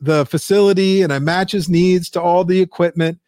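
Animated high-voiced male storyteller. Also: normal speed, no room sound, clean studio sound. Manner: animated storyteller, acts out quotes in a high squeal. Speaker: guest, business founder. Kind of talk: storytelling interview.

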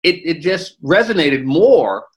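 A man's voice: a little high, very animated, a little slow. A man hosting a podcast interview, enthusiastic and often repeating words as he talks. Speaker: podcast host. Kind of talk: casual interview chat.

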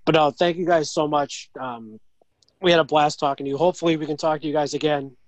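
Chatty host, dry sound. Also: male voice, on the high side, fairly even intonation, fast, dry recording, rough recording. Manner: friendly, chatty, often laughing. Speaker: podcast host. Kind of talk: casual chat over video call. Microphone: video call.

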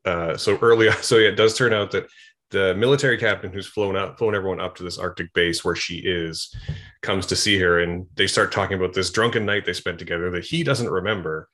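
A man's voice: deep voice, steady tone, a little fast, pushed and bright. A man co-hosting a podcast, casually and thoughtfully retelling film scenes with a wry tone. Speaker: podcast co-host.

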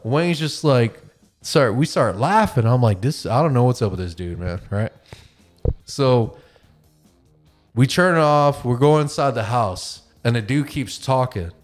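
A man hosting a podcast and telling a long, animated story, swearing freely and acting out the voices of the people in it. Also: medium pitch, measured pace, soft background music. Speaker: podcast host. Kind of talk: casual storytelling.

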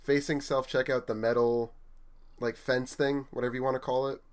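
A man's voice: mid-range voice, little pitch movement, moderate pace. Young male storyteller, casual podcast chat, acts out the quotes, mid-range voice. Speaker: retail store manager telling work stories.

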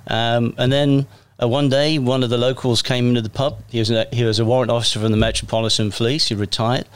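A man's voice: medium pitch, flat delivery, quick pace, smooth. A middle-aged man with an English accent, telling stories from his life in a casual interview, chatty and self-deprecating, with frequent restarts. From England. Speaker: police officer guest.

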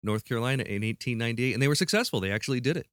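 A man's voice: mid-range voice, lively intonation, a bit bright, no echo, studio quality. Playful male podcast quiz host. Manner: playful, joking, quick to laugh. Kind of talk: casual podcast chat.

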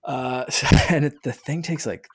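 A man in his thirties talking in an easy podcast chat with a middle-pitched voice. He gets excited and rambles, stumbling and restarting his sentences as he goes. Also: moderate pace, husky. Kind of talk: casual chat.

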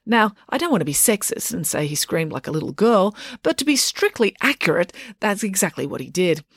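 A woman reads a children's story aloud in a playful, wry way. Her voice moves with lively ups and downs, and the recording is dry and close. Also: lowish voice, fairly quick, husky, dry recording. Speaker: narrator. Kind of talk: audiobook narration.

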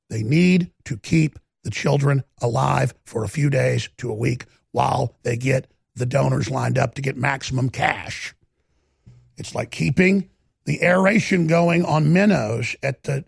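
A man's voice: a little high, no room sound, studio quality. A man hosting a talk show, delivering an impassioned, emphatic monologue and often stammering and repeating words. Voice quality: gravelly, raspy.

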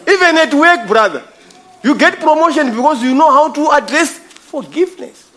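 A man's voice: very high voice, lively intonation, normal speed, a bit bright. A man preaching a sermon, emphatic and repetitive, calling his listeners brother. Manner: emphatic, repeats phrases, addresses listeners as brother.

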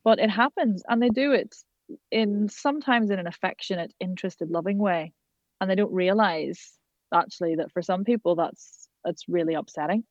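A woman's voice: mid-range voice, moderate pace, a little mellow, dry recording. A woman from Ireland, a coach speaking passionately in a podcast conversation. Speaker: accent coach. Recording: dull lo-fi dry sound.

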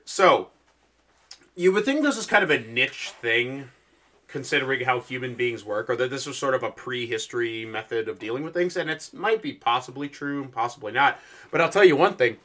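Male podcast host, animated, bright tone, laughs and swears; casual banter. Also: mid-range voice, moderate pace. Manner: lively, swearing, laughs often. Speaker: podcast co-host presenting the topic. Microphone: podcast microphone.

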